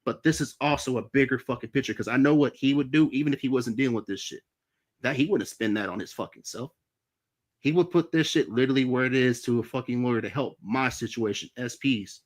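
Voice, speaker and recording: A livestream host with an ordinary mid-range male voice tells casual stories about his life in the middle of his own stream. He talks fast, loose and unscripted, angry and heated, swearing heavily and freely.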